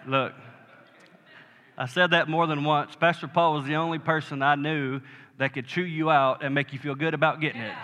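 In a reverberant church sanctuary, a pastor preaches with emphasis and draws amens from the congregation in call-and-response. His higher voice is sharp, fairly even in intonation and moderately paced, though the recording is muffled and the hall's reverb is long.

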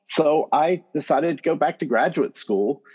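A man from Northwest North Carolina with a North Carolina accent, a guest telling his story in a podcast interview in a relaxed, chatty way. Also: fairly high pitch, unhurried, slightly rough, highs cut off. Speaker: guest, math education professor.

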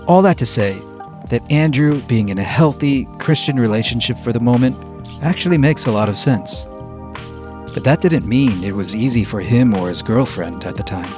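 A male host with an ordinary mid-range voice delivers scripted narration. He explains things in a measured, teaching way. Music plays clearly underneath him. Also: medium pitch. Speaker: podcast host. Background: background music.

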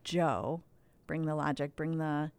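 A woman hosts a casual podcast chat, steering the talk with lively energy. Her voice sits somewhat low and sounds dry and close. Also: takes it slowly, gravelly, dry recording. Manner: lively, laughs often, leads the talk. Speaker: podcast host.

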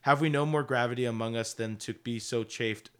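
A man's voice: medium pitch, fairly quick, clean tone, lightly acted. A man reading aloud the lines of a patient, dignified older king, formal and firm.

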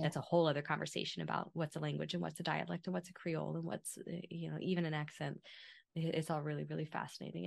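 Thoughtful woman podcast host from Kentucky, very low voice. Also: vocal fry. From Kentucky, United States. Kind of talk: casual interview.

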